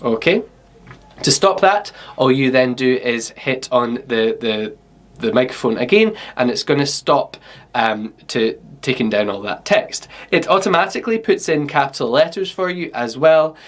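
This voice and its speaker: A Scottish man leads a class through an online workshop in an easygoing, instructive manner. He walks pupils through each step and keeps checking in with okay. His voice sits at an ordinary middle pitch for a man. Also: lively intonation, moderate pace. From Scotland. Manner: chatty, instructive, often saying okay and um. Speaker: teacher.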